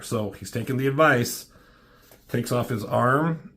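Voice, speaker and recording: A man's voice: mid-range voice, unhurried, a bit bright. A man casually talking through a comic as a reviewer, offhand and swearing freely. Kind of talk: casual commentary.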